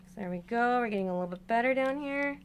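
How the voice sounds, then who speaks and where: A woman's voice: fairly high pitch, fast, slight background noise. A young woman chatting casually on a livestream as she works on a doll, narrating each step and breaking into frustrated exclamations. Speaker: doll hobby vlogger. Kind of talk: casual livestream chat while restringing a doll.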